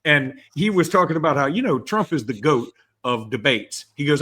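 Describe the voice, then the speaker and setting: Animated high-voiced man chatting sports. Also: husky. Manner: animated, laughs often, quick asides. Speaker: podcast co-host. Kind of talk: casual sports chat.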